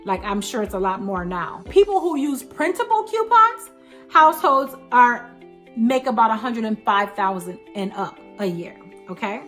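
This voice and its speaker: Chatty storytelling woman vlogger, higher voice. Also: very animated, normal speed, a bit bright, faint music behind. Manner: chatty, storytelling, emphatic asides. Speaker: couponing vlogger. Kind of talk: casual chat to camera.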